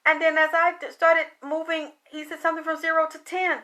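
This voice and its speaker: A woman's voice: very high-pitched, completely flat delivery, a little fast, few pauses, pushed and bright. A woman speaking as a psychic medium, passing on messages from a spirit in an emotional, rambling monologue with casual swearing.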